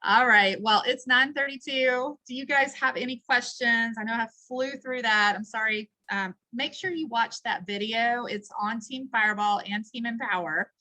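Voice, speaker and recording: Bright, chatty woman on a call. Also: fairly high pitch, moderate pace, few pauses, low-quality recording. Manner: chatty, enthusiastic, rambling. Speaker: team leader presenting a product. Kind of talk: casual live video call.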